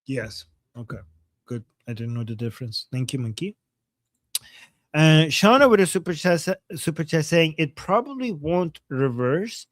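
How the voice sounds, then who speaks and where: A man hosting a political livestream, reading viewer super chats and reacting in casual, upbeat chat with quick acknowledgments. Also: on the high side, sing-song, no room sound.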